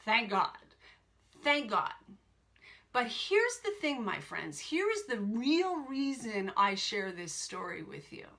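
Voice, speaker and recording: A woman's voice: medium pitch, very animated, slow, pushed and bright. A woman life coach in her forties telling a personal story to her viewers, emphatic and repeating phrases for weight.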